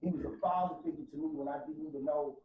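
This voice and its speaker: A man's voice: fairly high pitch, steady tone, fast talker, muffled recording. Fervent St. man, roomy distant sound. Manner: fervent, preacher-like, swings from soft to loud. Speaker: podcast guest. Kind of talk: emotional testimony in casual podcast talk. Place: podcast studio room.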